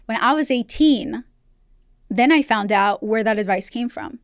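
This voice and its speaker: Woman in her 30s from russia, chatty podcast guest, candid stories, smooth clear voice, dry sound. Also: fairly high pitch, normal speed, no room sound. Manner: candid, storytelling, laughs often. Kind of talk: casual chat.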